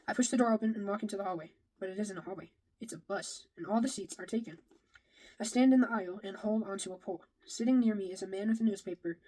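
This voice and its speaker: On a low-quality recording, a woman with a medium-pitched, dark voice reads a novel aloud in the first person. She tells the story as its narrator, now and then slipping and going back to reread a phrase.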